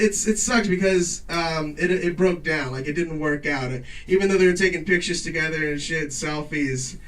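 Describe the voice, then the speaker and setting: A man hosting a late-night talk show, doing a loud, profane stand-up monologue in front of a live garage audience. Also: high voice, distant mic, low-quality recording. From Mexico. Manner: loud hype-man announcing to a crowd; casual profane joking.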